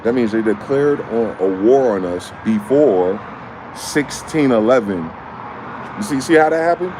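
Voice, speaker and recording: A man's voice: mid-range voice, expressive, measured pace, background noise. A man vlogging in a heated monologue, reading a document aloud and breaking off into angry, profane rhetorical questions.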